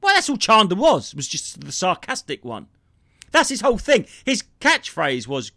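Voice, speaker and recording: A man, a comedian co-hosting a podcast, telling stories and ranting in a sweary, animated way. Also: on the high side, moderate pace, no echo, studio quality. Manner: sweary, ranting, jumps between impressions and storytelling. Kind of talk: casual comedy chat.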